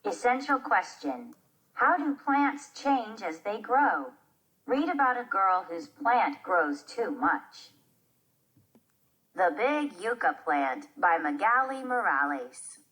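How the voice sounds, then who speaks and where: A woman's voice: mid-range voice, sing-song, slow pace, fairly bright tone, rough recording. A woman narrating a children's play aloud, announcing each character before their lines. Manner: clear storybook reading, naming each part.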